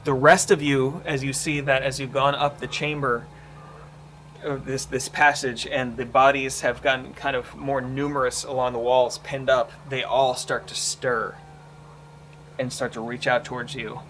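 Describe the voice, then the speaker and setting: A man running a tabletop game as game master, narrating slowly with frequent ums and pauses. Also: mid-range voice, little pitch movement, fairly bright tone, slight background noise. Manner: measured, deliberate narration with many ums.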